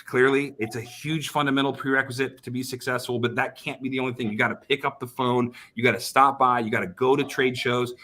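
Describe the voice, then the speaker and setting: A man's voice: medium pitch, fairly even intonation, brisk, few pauses, pushed and bright. A man as a podcast guest, telling a sales story with emphasis, often repeating words and restarting sentences, heard over a video call. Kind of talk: animated storytelling in a podcast chat.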